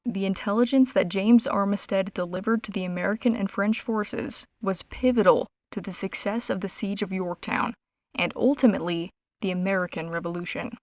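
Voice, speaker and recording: A woman reading a scripted history story in a measured, dramatic storytelling manner. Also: mid-range voice, no echo. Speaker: narrator. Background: music.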